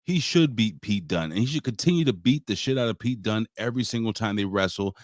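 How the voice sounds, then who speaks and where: Low-voiced man, enthusiastic and profane. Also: animated, brisk, no room sound, studio quality. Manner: enthusiastic, profane, gropes for words. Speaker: co-host. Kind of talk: casual wrestling review chat.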